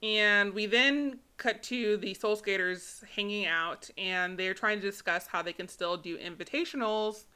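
A woman's voice: medium pitch, measured pace, hardly any pauses, clear, resonant tone. A woman co-hosting a podcast, casually recapping a movie with lots of laughter and acted-out quotes. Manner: animated storytelling, acts out characters' lines, laughs often. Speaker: podcast co-host.

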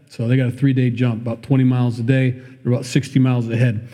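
Pastor, male, mellow and relaxed, teaches scripture in an easy conversational tone. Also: mid-range voice, brisk. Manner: conversational, reads scripture then adds plain asides. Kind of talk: sermon, verse-by-verse Bible teaching.

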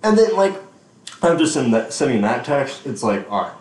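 A man's voice: medium pitch, sing-song, normal speed, a little mellow. A man co-hosting a podcast in casual chat, reading out text messages between bursts of laughter and frequent swearing. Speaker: podcast co-host. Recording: echoey room.

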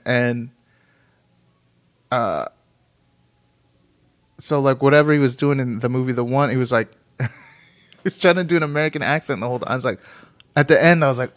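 A man reading an article aloud and chatting casually about it, rambling and swearing as he reacts. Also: medium pitch. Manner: rambling, profane, reads aloud then reacts.

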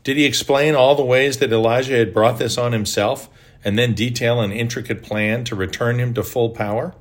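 An older man reading a scripted devotional in a measured, reflective way, mixing personal memories with a Bible story and ending in a short prayer. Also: mid-range voice, fairly even intonation. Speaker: devotional author and narrator.

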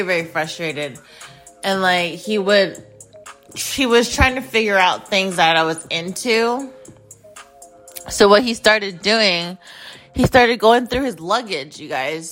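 A young woman from Phoenix, USA, hosts a podcast and tells a personal story in a casual monologue. Her fairly low voice has a bit of brightness, and she's blunt and profane, saying "like" constantly.

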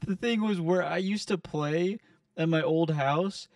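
A man's voice: fairly high pitch, measured pace, noisy background. Young man telling stories animatedly, off-mic. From Ohio. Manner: animated storytelling, swearing, laughing. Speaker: podcast co-host. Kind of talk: casual chat. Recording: distant from mic, dry.

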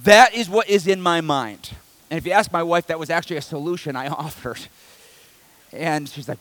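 A man preaching a sermon, telling a personal story in a dramatic, animated way with emphatic repetition. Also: on the high side, normal speed. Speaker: pastor.

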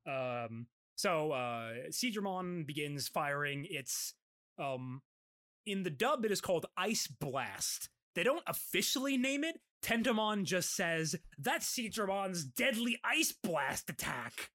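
A man co-hosting a relaxed podcast chat, walking through an anime episode beat by beat. He laughs often and leans on uh and um as he goes. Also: on the high side, takes it slowly. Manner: laughs often, filler-heavy, reads out dub lines. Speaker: podcast co-host.

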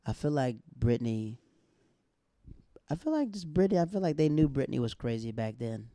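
A man on a casual podcast, telling a travel story with lots of energy and jumping into other people's voices, often laughing mid-sentence. His voice is dark and mellow. The recording is close and dry, with no room sound. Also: mid-range voice, moderate pace, no room sound. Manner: animated storyteller, acts out other people's lines; laughs often while talking. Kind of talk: casual chat.

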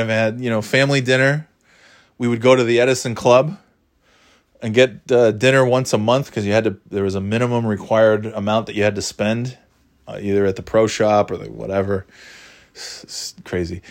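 A man casually telling a funny personal story, animated and acting out the dialogue, laughing often. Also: lowish voice, moderate pace. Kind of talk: casual anecdote.

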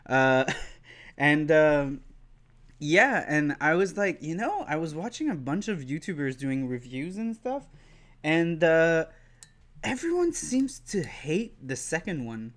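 Slow-talking man hosting a podcast. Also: fairly high pitch, big pitch swings, fairly bright tone. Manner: halting, filler-heavy speech. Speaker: podcast host. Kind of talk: casual chat.

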